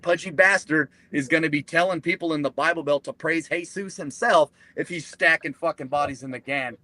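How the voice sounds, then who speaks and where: A man's voice: fairly high pitch, a little fast, few pauses, dry recording. A man, a military veteran, casually telling a profane war story and acting out the people in it. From United States. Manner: profane, animated, acts out quoted voices. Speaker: podcast guest, Marine veteran.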